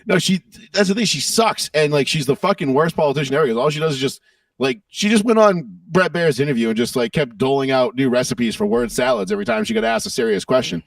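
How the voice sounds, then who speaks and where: Brief: gravelly, lively male podcast co-host, profane and mocking, heard from a distance. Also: fairly high pitch, fast talker, no room sound. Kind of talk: casual political podcast chat.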